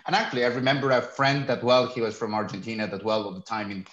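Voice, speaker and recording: A man hosts a live online show, reading out names from the chat in loose, halting sentences packed with fillers. His voice comes over a video call, roomy and echoing. The sound is dull and lo-fi. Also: mid-range voice, flat delivery, fairly bright tone. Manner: loose, halting phrasing with many fillers like well and uh. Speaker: show host.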